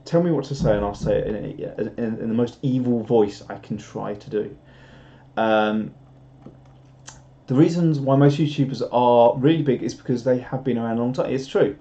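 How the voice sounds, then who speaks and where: A man's voice: medium pitch, moderate pace, dark tone. British guy rambling thru viewer comments on a live stream, laughs at himself a lot, dull muffled audio. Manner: rambling, self-deprecating, chuckles often. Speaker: YouTuber hosting a live stream.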